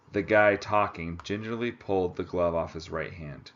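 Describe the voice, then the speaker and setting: A man reads a story aloud and drops in relaxed, chatty asides of his own. His voice sits low. The recording is slightly muffled and lo-fi. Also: moderate pace, few pauses. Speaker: audiobook reader. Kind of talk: book reading with casual asides.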